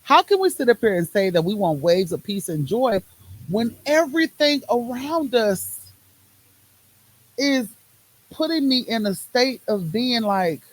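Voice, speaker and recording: In a low-quality phone recording, a woman with a slightly high, sing-song voice speaks at a measured pace. She is a podcast host in the medical field, telling about her own life with emphasis, repeating phrases in rhythmic runs and saying casual Southern things like "y'all."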